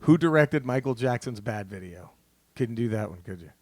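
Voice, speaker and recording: A man hosting a casual podcast chat, telling stories with lively acted-out quotes and frequent laughter. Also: medium pitch, normal speed, no echo. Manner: animated storyteller, acts out quotes, laughs often. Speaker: podcast host.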